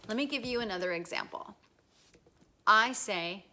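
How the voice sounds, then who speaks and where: A woman giving a casual talk, acting out short dialogues in lively voices and often repeating herself. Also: medium pitch, moderate pace. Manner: acts out little dialogues in bright voices; repeats words, restarts, fillers. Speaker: teacher.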